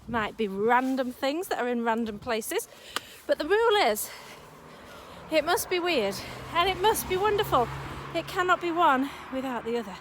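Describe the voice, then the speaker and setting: Lively high-voiced woman vlogging outdoors. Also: moderate pace, slight background noise, rough recording. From England. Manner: lively, playful, talks to viewers and animals. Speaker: walking vlog host. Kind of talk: chatty outdoor walking vlog. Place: outdoors on country lanes.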